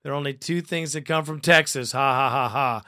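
A man hosting a fan podcast, reading listener comments aloud in a profane, excitable way and laughing often. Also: a little high, a little fast, dry recording, clean studio sound.

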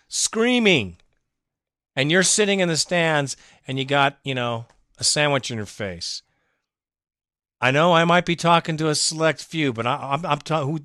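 A man hosting a fan podcast, delivering a passionate, rambling monologue that swings from mutters to shouts. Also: fairly high pitch, lively intonation, normal speed, no room sound, clean studio sound. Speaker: podcast host.

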